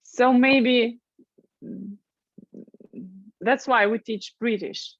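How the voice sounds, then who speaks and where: A slow, careful woman with a Russian accent talks as a guest, pausing often on fillers. Her slightly high voice comes through a dull, lo-fi call line that sounds dry and close. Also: steady tone, no echo. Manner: hesitant, many uh fillers, careful non-native phrasing. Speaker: language school director. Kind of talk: interview guest.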